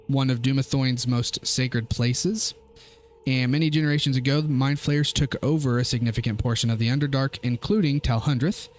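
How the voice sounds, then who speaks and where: A man narrating as game master of a tabletop game, giving an easygoing, unhurried lore recap. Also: mid-range voice, slight background noise.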